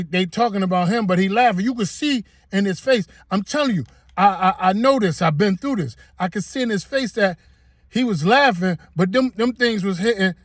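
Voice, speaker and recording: A man's voice: high-pitched, no echo, studio quality. A man telling a personal story straight to the camera in a casual, emphatic way, repeating himself and using everyday slang. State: getting emotional. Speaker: vlogger.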